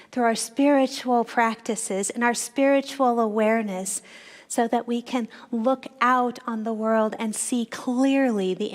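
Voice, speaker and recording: A woman minister giving a reflective Sunday sermon that unfolds as a story. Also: a little high. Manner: reflective, storytelling, with slowed phrases.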